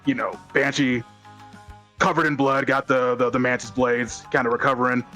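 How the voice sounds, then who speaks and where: Man, game master, bright clear tone, rambling with fillers, faint music behind. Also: level tone, normal speed. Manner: rambling, many fillers, bursts into high put-on voices. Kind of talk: narrating a tabletop game.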